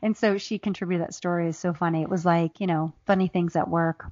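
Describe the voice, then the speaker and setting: A woman's voice: on the low side, fairly even intonation, brisk, darkish tone, no echo, lo-fi sound. A woman from Ohio, an author chatting as a guest in an interview, telling funny stories and laughing often. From Ohio, USA. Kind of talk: casual interview chat.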